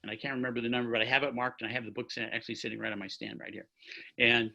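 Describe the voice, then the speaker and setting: This is a man in his sixties with a bright, forceful voice, talking at an ordinary middle pitch. He spins a long, meandering anecdote over a video call from his home, stopping and restarting mid-sentence. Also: little pitch movement, very fast, gravelly, highs cut off. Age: 60s. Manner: long-winded, rambling, full of restarts. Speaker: orchestra trumpet player, guest. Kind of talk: anecdotal storytelling in an interview. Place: at home by his music stand.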